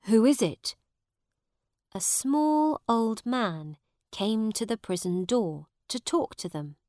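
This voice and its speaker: A woman narrating a storybook in a slow, clear, expressive reading voice. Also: a little high, no echo, clean studio sound.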